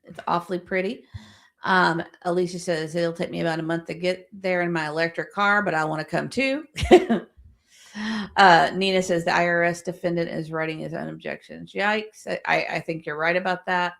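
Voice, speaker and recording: Woman, livestream host, slightly low pitch, gravelly fry, chatty, reads chat comments aloud. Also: normal speed, a bit bright.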